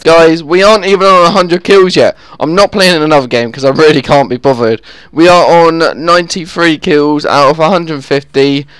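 A man's voice: a little high, fairly bright tone, clean tone, dry recording. A man giving live commentary over his own gameplay, easily exasperated and groaning whenever the game goes against him. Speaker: gaming channel host.

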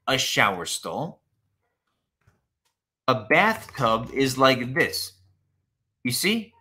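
Slow, animated man teaching English. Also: a little high. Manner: slow, repetitive, animated teacher talk, answers chat questions. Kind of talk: live online English lesson.

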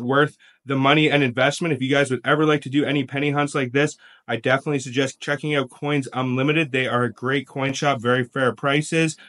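A man's voice: medium pitch, fairly bright tone. A man hosting a coin collecting video, casually talking through his finds. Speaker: coin collecting channel host. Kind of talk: casual show-and-tell narration.

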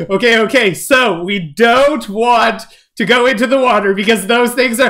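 A man hosting a let's-play gaming commentary, excitable and easily startled, narrating every move and talking to viewers as "guys". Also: high voice, normal speed, noisy background. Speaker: gaming channel host.

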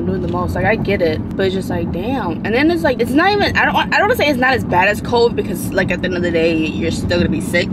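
A woman vlogger chatting casually from inside a car at a drive-through, rambling with lots of fillers and the odd swear. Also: medium pitch. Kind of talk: casual vlog chat. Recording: loud car and street noise.

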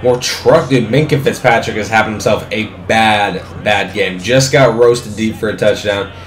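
A young man giving live, excitable commentary on his own football video game, swearing freely and talking at the screen. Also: on the low side, normal speed, roomy sound. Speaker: gaming commentator.

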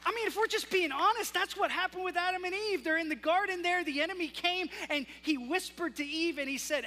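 A male pastor preaching a sermon, with a dynamic delivery that swings between loud emphasis and hushed asides. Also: very high-pitched, fairly quick, hardly any pauses. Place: church sanctuary. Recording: long hall reverb with faint music.

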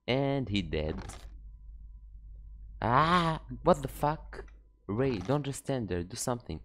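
A man's voice: medium pitch, big pitch swings, slow, a bit bright, slight background noise. A sleepy man playing a horror game, reading its dialogue aloud and swearing and joking between lines. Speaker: let's player. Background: game music.

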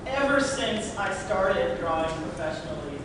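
A woman's voice: fairly low pitch, lively intonation, moderate pace. A woman speaking as a guest on a convention panel, chatty and laughing often as she tells stories. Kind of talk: casual panel talk and storytelling. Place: large convention panel room. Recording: echoey convention hall, mic heard from far off, noisy.

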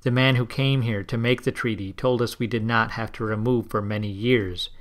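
A man's voice: mid-range voice, steady tone, moderate pace, natural voice. A man voicing a grave old tribal elder. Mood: protesting. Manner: broken, simple English.

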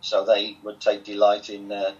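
An older man with a Southwest Lancashire accent tells stories at a relaxed pace with a dry, self-amused humour. His voice sits fairly low. The recording sounds dull and lo-fi. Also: normal speed. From England. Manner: chatty, wry, self-amused. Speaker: interview guest. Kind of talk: relaxed storytelling.

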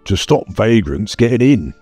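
Man doing thick-headed sewer jack, blunt and mocking, low voice. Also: big pitch swings, normal speed, a little mellow, dry recording. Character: dim-witted male sewer worker, mocking. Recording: dry close mic, faint music bed.

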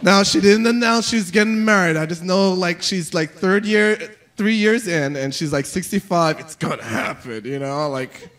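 A male stand-up comedian performing live, with a rambling, animated delivery full of fillers and sudden jumps into exaggerated voices. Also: high-pitched, moderate pace, few pauses.

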